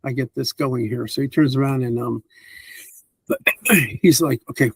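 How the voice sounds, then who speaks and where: A man's voice: mid-range voice, moderate pace, creaky, breathy edge, no room sound. A man running a tabletop game as game master, narrating in a rambling, hesitant way with many fillers.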